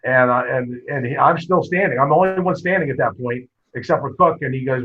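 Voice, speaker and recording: A man, a wrestling coach, telling stories in a casual interview, lively and full of quoted dialogue. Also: mid-range voice, fast talker, few pauses, slight background noise. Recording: muffled lo-fi podcast audio.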